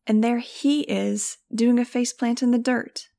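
A woman's voice: fairly high pitch, fairly even intonation, unhurried, creaky, dark tone, pitched above the performer's own voice. A woman voicing a mocking winged teenage girl. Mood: sarcastic. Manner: mocking, wisecracking. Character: sarcastic teenage girl with wings. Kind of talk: audiobook reading.

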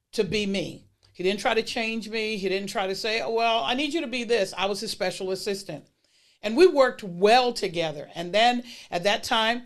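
A middle-aged woman speaks in a lively, emphatic way as she tells personal stories from her working life. Her voice sits at an ordinary middle pitch. She sounds natural and unscripted, like someone recounting her own experiences. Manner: emphatic, lively retelling with acted-out dialogue. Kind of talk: personal storytelling talk.

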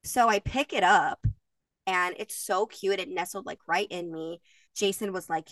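A woman's voice: medium pitch, animated, normal speed, fairly bright tone, dry recording, far from the mic. A woman in her thirties, co-hosting a podcast and telling stories in a chatty, emotional way, laughing often. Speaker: podcast co-host. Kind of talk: casual chat.

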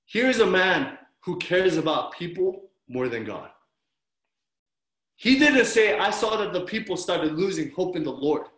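A man preaching a sermon as pastor, telling stories with animated delivery and acting out his own reactions. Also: high voice, unhurried. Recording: roomy echo.

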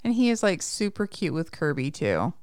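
A woman's voice: lowish voice, big pitch swings, normal speed, a little mellow. A woman in casual chat, retelling a movie's scenes with many fillers like "like" and "you know". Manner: chatty, lots of "like" and "you know".

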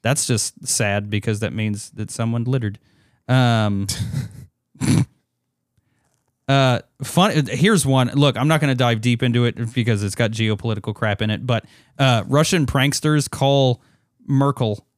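A man's voice: mid-range voice, a little slow, no room sound, studio quality. A man co-hosting a podcast, reading out odd news headlines in a joking, offhand way with plenty of fillers and restarts. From not British. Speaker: podcast co-host.

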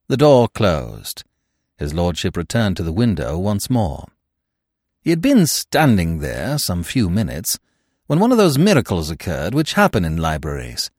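A man narrating a classic comic novel in an expressive, wry storytelling manner. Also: sits low, a little slow, no room sound, clean studio sound. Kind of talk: scripted audiobook narration.

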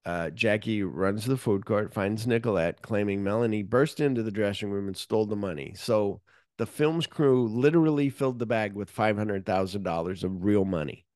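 A podcast host with a fairly low voice recaps a film plot at a moderate pace, animated and casual, full of fillers and offhand swearing. He blends read plot summary with tossed-off asides. The recording is dry and clean, with studio sound.

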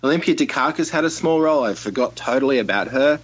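Aussie guy on a film podcast, husky voice, kinda muffled lo-fi sound, thinks out loud. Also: mid-range voice, lively intonation, fast talker. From Australia. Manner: reflective, recalling details with fillers. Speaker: podcast co-host. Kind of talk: casual film discussion. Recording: dull lo-fi sound.

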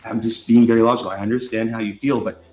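A man's voice: on the low side, steady tone, fast, darkish tone, reverberant, soft background music. A man in a heated, sarcastic argument, defensive and swearing. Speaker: streamer in a played clip.

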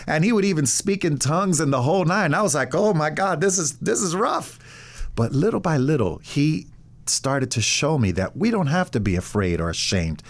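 A man's voice: on the high side, sing-song, brisk. A middle-aged man, a pastor, telling his faith story in an interview and acting out the voices of people in it. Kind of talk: testimony in an interview.

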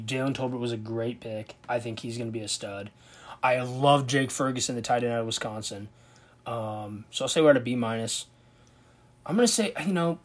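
A man hosting a casual sports video, commenting on a football draft, thinking aloud and reacting with disbelief. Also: mid-range voice.

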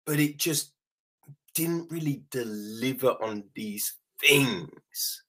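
A man talks through a film in a loose, conversational critique, slow and unhurried in pace. His voice is husky and a little rough at the edges, and he keeps the energy up by checking in with "right?" and snapping into short acted-out lines. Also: mid-range voice. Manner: animated, keeps asking "right?", acts out quick quoted lines, swears freely. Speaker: film reviewer. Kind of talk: casual spoken film critique.

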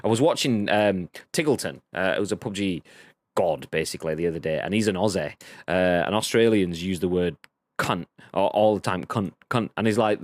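A man co-hosts a casual live-streamed podcast, rambling and swearing freely. His voice sits fairly low but swings around in pitch. The sound is dry and close. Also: no echo. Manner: rambling, swears freely, reads chat aloud. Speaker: podcast co-host.

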